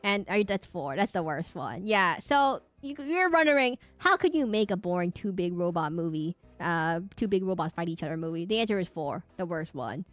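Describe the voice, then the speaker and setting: A woman's voice: fairly low pitch, big pitch swings, moderate pace, few pauses, fairly bright tone, no echo. Rambling woman streamer, dry close sound. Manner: rambling, digressive, chatty. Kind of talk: casual stream chat.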